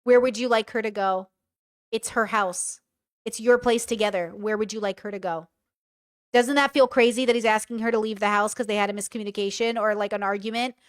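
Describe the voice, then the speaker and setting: A woman's voice: mid-range voice, steady tone, brisk, no room sound, studio quality. A young woman giving casual reaction commentary, blunt, profane and exasperated.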